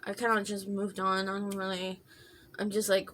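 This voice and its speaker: A woman's voice: mid-range voice, completely flat delivery, moderate pace, fairly bright tone, slight background noise. A woman telling a casual storytime vlog while doing her makeup, talking in loose chatty runs full of fillers and restarts. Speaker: vlogger.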